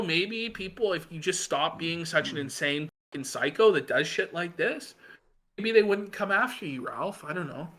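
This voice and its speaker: Bright-voiced sarcastic male podcast host. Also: on the high side. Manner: sarcastic, mocking, swears often. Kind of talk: casual commentary reading posts aloud.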